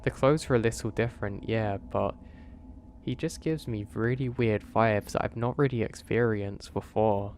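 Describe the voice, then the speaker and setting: A man, narrating a first-person horror story in a steady, earnest way. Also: fairly low pitch, moderate pace, a little hiss or hum.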